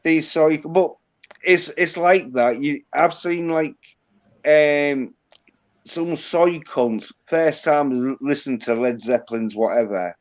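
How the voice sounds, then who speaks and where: A man's voice: fairly high pitch, takes it slowly. A man with a Yorkshire accent talking in crude, sweary casual banter. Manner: crude, swears a lot, drawls. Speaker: host. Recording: dull lo-fi sound.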